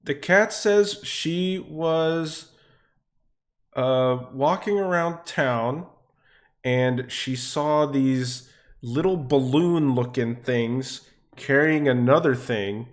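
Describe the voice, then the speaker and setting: A matter-of-fact woman adventurer who speaks plainly and calmly, as a man puts her on. Her voice sits only a little above his own. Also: mid-range voice, drawn-out words, voice pushed up.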